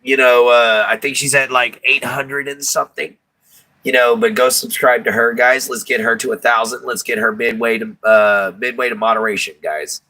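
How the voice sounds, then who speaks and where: A man's voice: medium pitch, fairly even intonation, normal speed, pushed and bright. A man hosting a casual live stream, chatty and affectionate with many fillers.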